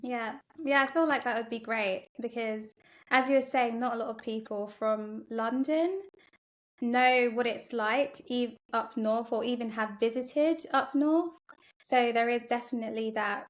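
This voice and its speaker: A woman hosting an interview, friendly and encouraging, laughing easily as she asks questions. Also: on the high side. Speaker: interview host. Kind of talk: casual interview chat.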